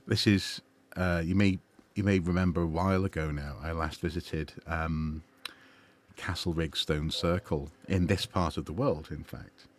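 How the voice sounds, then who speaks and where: A man's voice: low-pitched, steady tone, unhurried. A man streaming a game, chatting and musing with lots of fillers and restarts. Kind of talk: gaming livestream commentary.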